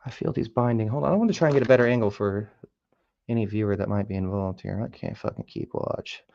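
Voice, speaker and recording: A man's voice: lowish voice, quick pace, gravelly, warm tone, no echo, dull audio. A man picking a lock on camera, muttering and whispering to the pins, swearing and cracking jokes as he goes. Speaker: hobbyist lock picker. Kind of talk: casual talk-along while lock picking. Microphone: camera close by.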